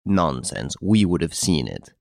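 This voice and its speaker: A man reading an audiobook, voicing a proud, excitable middle-aged count who turns petulant and stammering. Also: sits low, a little slow, gravelly, no room sound, clean studio sound, full character voice. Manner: petulant, then stammering and shaken.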